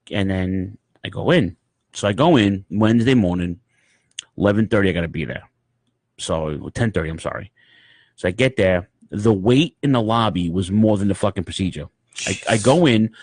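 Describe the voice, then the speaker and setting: A man's voice: sits low, no room sound. Guy on a podcast telling a story, swears a lot, does little voices, dry close sound. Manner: profane, animated storyteller, acts out voices. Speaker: podcast co-host. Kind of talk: casual podcast chat, storytelling.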